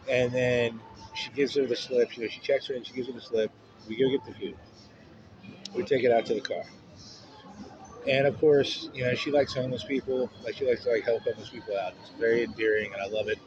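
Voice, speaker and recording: Speaking a little fast in a steady, mid-range voice, this male vlogger shares a personal story in a frank, casual way full of profanity. Street noise fills the muffled recording.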